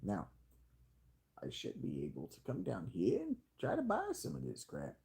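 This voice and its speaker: A male streamer talks through his strategy game in a loose, joking ramble. His pitch swings widely, from low mutters to sudden squeaky jumps. He slips into a hammed-up hick drawl as he goes. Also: huge pitch swings, moderate pace, creaky, a little mellow. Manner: rambling, jokey self-talk with sudden high squeaks; playfully hamming a hick drawl. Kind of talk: casual live-stream commentary.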